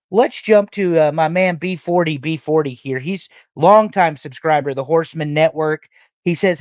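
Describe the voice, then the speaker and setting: A man hosting a live stream, reading viewer questions in a conversational way with pauses. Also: on the high side, dry recording. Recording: dull lo-fi mic.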